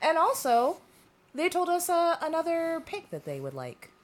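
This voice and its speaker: A woman's voice: extremely high pitch, wildly swooping pitch, moderate pace. Chatty woman podcast co-host, laughing often. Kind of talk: casual chat.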